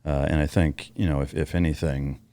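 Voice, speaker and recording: A man's voice: very deep voice, fairly even intonation, fairly quick, mellow, no room sound. An American man hosting a podcast, talking casually, swearing freely and restarting his sentences. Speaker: podcast host. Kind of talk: casual interview.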